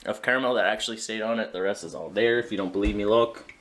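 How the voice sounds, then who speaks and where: A man's voice: fairly low pitch, fast talker, fairly bright tone, a little hiss or hum. A man talking casually in a home vlog, chatty and self-mocking, with a kitchen around him. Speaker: vlogger.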